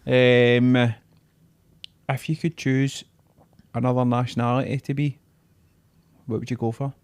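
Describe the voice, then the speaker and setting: A man's voice: mid-range voice, level tone, measured pace, a little mellow, smooth, no room sound. A Scottish man in his thirties co-hosting a podcast, asking questions in sweary, laddish banter. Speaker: podcast co-host. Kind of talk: casual chat.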